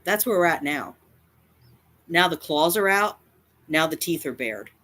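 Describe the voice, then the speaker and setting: A cat advocacy YouTuber rants confrontationally straight to camera in an animated, unhurried mid-range voice that sounds pushed and bright. Defiant and emphatic, they often repeat lines for effect.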